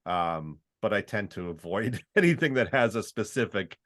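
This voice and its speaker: Low-voiced middle-aged man, chatty voiceover artist. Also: lively intonation, normal speed, a bit bright. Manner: chatty, often acts out quoted voices. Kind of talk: casual podcast conversation.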